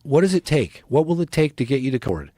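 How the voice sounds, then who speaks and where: A man's voice: medium pitch, sing-song, fast talker, dark tone. A man speaks as a podcast guest, earnest and urgent, in a mid-range voice. The sound is dry and close to the mic, with no room echo. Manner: earnest, urgent, pleading appeals. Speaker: podcast guest, documentary filmmaker. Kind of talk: casual interview talk.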